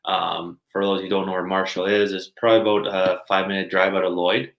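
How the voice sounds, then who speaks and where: A man's voice: low voice, flat delivery, quick pace, vocal fry, dull audio. A man, a podcast guest telling stories casually, laughing often and using many fillers. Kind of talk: casual storytelling. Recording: roomy echo.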